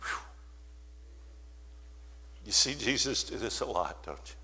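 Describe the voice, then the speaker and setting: A man preaching a sermon in a church, telling a Bible story with animated, dramatic delivery and briefly voicing the people in it. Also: on the low side, slow, big-room sound. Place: church sanctuary.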